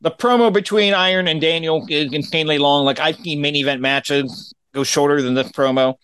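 A man's voice: a little high, fairly even intonation, a little fast, a bit bright, clean tone, no echo. Dry-voiced man recapping matches. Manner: dry, matter-of-fact play-by-play with opinions. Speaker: podcast host recapping wrestling shows. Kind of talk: casual recap chat.

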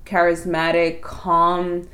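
Animated young woman telling a story. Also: on the low side, slow. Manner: animated, acts out quoted thoughts. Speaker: podcast co-host. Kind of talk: casual storytelling chat.

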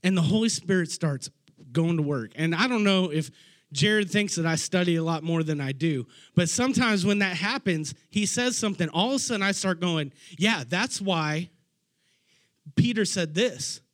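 A man preaching a casual, animated sermon, retelling Bible stories in everyday slang. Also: high-pitched, brisk. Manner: animated storytelling, acting out Bible figures in slangy voices.

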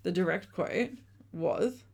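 A woman's voice: lowish voice, slow, gravelly, darkish tone, slightly rough. A woman co-hosting a podcast, chatting casually and swearing as she recaps a reality show. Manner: chatty, swearing, laughing often. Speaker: podcast co-host.

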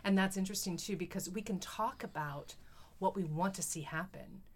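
A woman's voice: mid-range voice, moderate pace. A woman with an Australian accent, hosting a poetry podcast and speaking thoughtfully and enthusiastically. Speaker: podcast host. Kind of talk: casual conversation about poetry.

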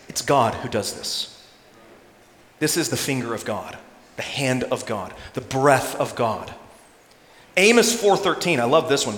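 Animated pastor with a lively high voice. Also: male voice. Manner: animated, acts out quoted voices with humor. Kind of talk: sermon. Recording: echoey church hall.

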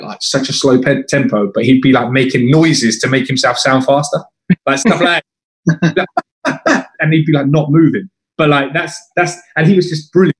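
A man telling football stories in casual chat, acting out what others said. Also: medium pitch. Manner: animated, acts out quotes of others. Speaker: former footballer guest. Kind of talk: casual storytelling. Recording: roomy echo.

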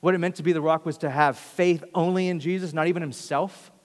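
A man's voice: fairly high pitch, fairly even intonation, a little fast. A man preaching a sermon earnestly, often repeating phrases and restarting sentences. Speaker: pastor. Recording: long hall reverb.

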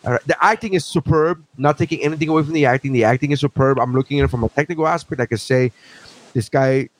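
A man in his forties holds forth on a podcast in casual chat, swearing freely and ranting with animated, mocking energy. His voice sits at an ordinary mid pitch for a man. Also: quick pace. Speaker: podcast host.

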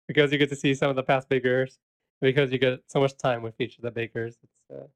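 A man co-hosting a podcast, chatting casually, laughing often and filling pauses with "um" and "uh". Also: mid-range voice, little pitch movement. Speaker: podcast co-host.

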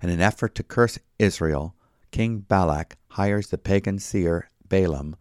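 A man reading a sermon in a measured way, citing chapter and verse as he teaches. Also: deep voice, darkish tone, no room sound, studio quality. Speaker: Bible teacher. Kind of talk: read sermon.

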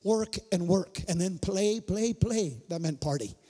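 Male pastor, very high voice, lively storytelling sermon with shouted peaks, reverberant church hall. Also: measured pace. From Mexican-American migrant family. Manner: animated, acts out dialogue, shouts for emphasis. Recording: long reverb of a large hall.

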